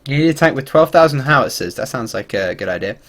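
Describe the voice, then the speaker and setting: With a medium pitch and a quick pace, a game streamer chats casually as he plays. He rambles animatedly, laughing and swearing freely.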